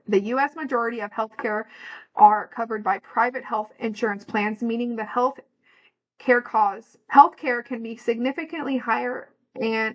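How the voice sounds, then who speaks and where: A woman's voice: a little high, muffled recording. Chatty, swearing woman on a podcast. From United States. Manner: chatty, swears freely, reads figures out. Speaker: podcast co-host. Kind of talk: casual chat, reading facts aloud.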